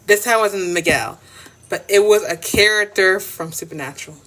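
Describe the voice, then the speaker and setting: A woman's voice: medium pitch, moderate pace, a bit bright. A young woman chatting casually on a live stream, giggling, teasing and repeating herself. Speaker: TikTok livestreamer.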